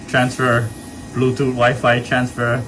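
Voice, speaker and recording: A man, joking with his mother in a casual home video, teasing, laughing often and swearing playfully. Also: medium pitch. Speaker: vlogger caring for his mother. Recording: noisy home video ambience.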